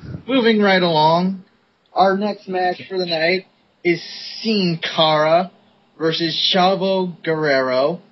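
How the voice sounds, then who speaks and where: A man's voice: sits high, takes it slowly. A man co-hosting a casual podcast, recapping matches in a laid-back way with many fillers. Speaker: podcast co-host. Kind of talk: casual wrestling review chat. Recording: dull lo-fi podcast audio, faint hiss.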